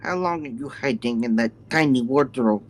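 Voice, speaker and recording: A man's voice: mid-range voice, moderate pace, slight background noise, lightly acted, rough recording. A man voicing a stern male ship officer in a mock Russian accent, nasal and accusing, in broken English. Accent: mock Russian, nasal like a cartoon squid. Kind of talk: fan voice-over of a game scene.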